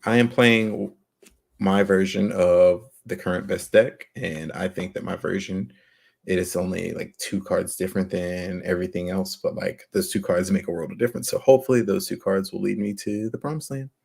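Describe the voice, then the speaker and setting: A man's voice: deep voice, fairly even intonation, moderate pace, vocal fry, a little mellow, slightly rough. A man co-hosting a podcast, talking in a laid-back casual way with lots of fillers. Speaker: podcast co-host.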